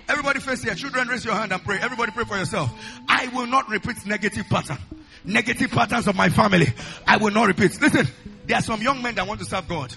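A man preaching as a pastor, leading loud prayer with fervent, repeated declarations, each phrase often opened with "uh". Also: high voice, quick pace, creaky, faint music behind. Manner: repeats lines in a rhythmic chant. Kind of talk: sermon and loud congregational prayer.

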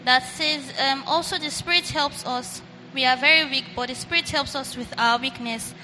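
A woman from the congregation asking the pastor a question into a handheld mic, hesitant and halting. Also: sits high, bright, forceful tone, slight background noise. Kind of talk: question from the floor. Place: church hall. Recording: reverberant hall with faint ambience.

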